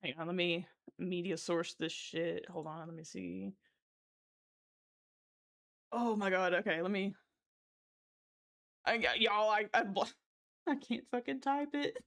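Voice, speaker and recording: A woman's voice: fairly low pitch, measured pace, vocal fry, pauses often, a bit bright. A young woman streamer chatting casually with her viewers, laughing hard and cursing often. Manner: giddy, laughing fits, cursing. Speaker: livestreamer. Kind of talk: casual livestream chat.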